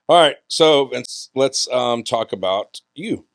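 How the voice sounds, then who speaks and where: A man's voice: mid-range voice, expressive, slow pace, a bit bright, no echo. A man hosting a podcast, chatting casually and teasing his guest with dry jokes. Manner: joking, teasing. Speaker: podcast host. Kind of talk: casual interview chat.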